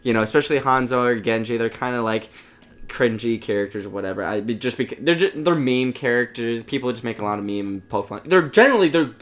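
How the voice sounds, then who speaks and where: A man's voice: medium pitch, animated, quick pace, fairly bright tone. A young man co-hosting a casual gaming podcast, telling rambling stories full of restarts and acting out the voices he quotes. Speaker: podcast co-host.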